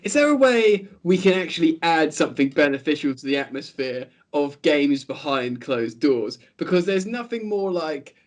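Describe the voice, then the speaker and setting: Guest with a fairly high voice on a call: chatty, rambling, full of "like" and "you know". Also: male voice, moderate pace, few pauses. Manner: rambling, animated, many fillers. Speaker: podcast guest. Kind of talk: casual online football chat.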